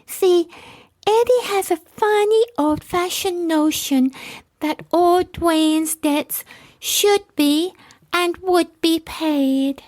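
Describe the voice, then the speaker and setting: A woman's voice: very high voice, extremely slow, a little mellow, no room sound, pitched above the performer's own voice, exaggerated voice. A woman voicing a sly, scheming young femme fatale in a storybook reading, with a sugary, mocking manner. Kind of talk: storybook character voice.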